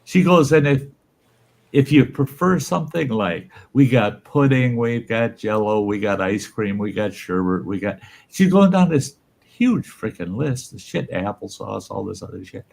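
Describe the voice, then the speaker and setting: A man casually telling a salty, folksy story, voicing the people in it with lively shifts. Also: fairly low pitch, measured pace, vocal fry. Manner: folksy, salty, animated when quoting others. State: undergoing cancer treatment. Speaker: channel host telling stories.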